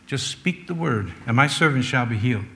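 A man's voice: medium pitch, lively intonation, brisk, gravelly, bright, forceful tone, a little hiss or hum, voice pushed down. A man voicing a humble Roman centurion who earnestly pleads for his sick servant during a sermon. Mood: pleading.

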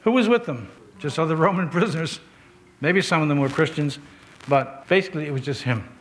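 Earnest preacher, a man with a slightly higher voice. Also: lively intonation, a little fast, a little hiss or hum. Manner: conversational, earnest, storytelling with rhetorical questions. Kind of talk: sermon.

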